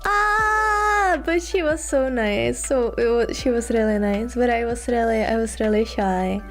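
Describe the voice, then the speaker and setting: A woman's voice: fairly high pitch, moderate pace, darkish tone, faint music behind. A young woman streaming, chatting casually and shyly, retelling a story with lots of likes and ums and giggling often, while sick. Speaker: vtuber streamer.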